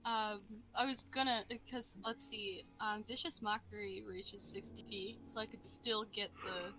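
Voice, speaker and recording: A woman playing a tabletop game, speaking softly and hesitantly. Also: mid-range voice, fairly even intonation, measured pace, slight background noise, low-quality recording. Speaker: player. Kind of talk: casual tabletop play.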